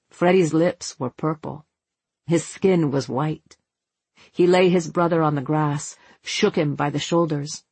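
A narrator reading a novel aloud in a slow, deliberate voice with a husky grain. The sound is dry and close, with no room around it, and the pitch sits in a middle range. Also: fairly even intonation, darkish tone, dry recording. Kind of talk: audiobook narration.

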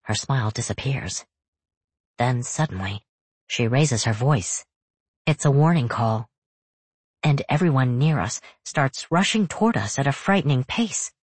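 A narrator reading a first-person novel in a steady, measured storytelling voice. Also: medium pitch, slightly rough, no room sound. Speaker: audiobook narrator.

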